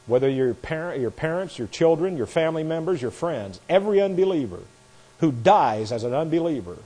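A man teaching a Bible class as a sermon, forceful and scornful of doctrine he calls false. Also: medium pitch, breathy edge, long reverb tail.

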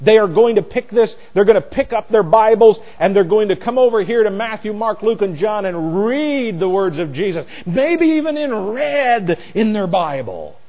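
Animated preacher man, lively pitch. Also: normal speed, hardly any pauses. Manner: animated, swings from soft and low to loud and emphatic; teaching Bible word by word, with restarts. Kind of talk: sermon.

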